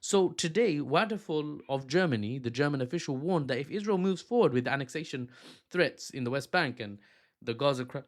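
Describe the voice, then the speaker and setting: A man giving casual news commentary on politics, joking around and breaking off into silly asides and quick apologies. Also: fairly high pitch, animated. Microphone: handheld or desk mic.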